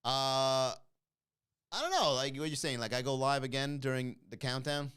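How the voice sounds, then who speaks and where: A man's voice: medium pitch, clear, resonant tone. A man hosting a comedy podcast livestream, teasing and laughing as he reads out chat comments. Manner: animated, teasing, quick to laugh.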